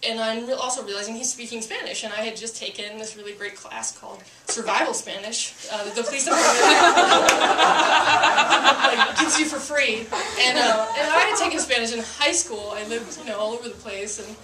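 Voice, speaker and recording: A woman's voice: fairly high pitch, moderate pace, roomy sound, recorded from a distance, background noise. A woman who is a police officer telling a story to a live audience, chatty and self-mocking with lots of fillers.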